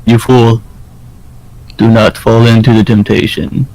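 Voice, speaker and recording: A man's voice: fairly low pitch, little pitch movement, unhurried, darkish tone, poor audio. A man voicing a stern, authoritative disembodied spirit that condemns, as a tabletop game master. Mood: condemning.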